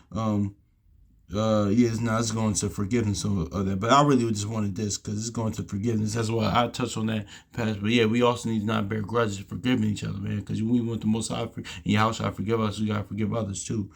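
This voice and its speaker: A man talks through scripture in a relaxed teaching style, reading verses aloud and pausing to explain them. His voice sits low, with a gravelly, husky edge. He speaks haltingly, restarting phrases and often tagging them with "man".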